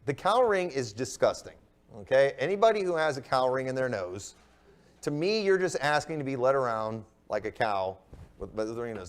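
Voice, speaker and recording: A young adult man, a pastor, preaching a sermon that swings from loud emphasis to low, muttered asides.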